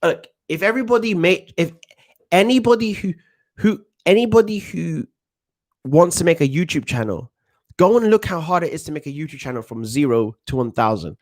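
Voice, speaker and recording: A man's voice: a little high, expressive, moderate pace. A man in his thirties with a London accent, giving chatty, self-assured commentary on a football watchalong stream and reading chat. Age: 30s. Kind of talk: casual live-stream commentary.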